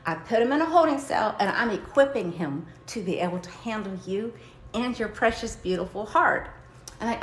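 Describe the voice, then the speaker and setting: A woman hosting a livestream, telling a faith-based personal story with high energy and acting out the dialogue. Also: a little fast, fairly bright tone, slight background noise. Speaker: livestream host. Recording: roomy, echoey room.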